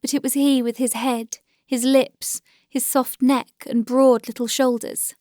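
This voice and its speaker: A woman narrating a classic novel as an audiobook, in a measured, gentle storytelling manner. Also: sits high, flat delivery, no echo, studio quality.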